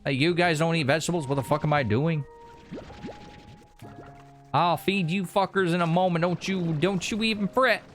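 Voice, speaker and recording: A man voicing a rowdy, foul-mouthed country rancher, hollering in a high, swearing voice. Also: moderate pace, pauses often, fairly bright tone, soft background music, natural voice.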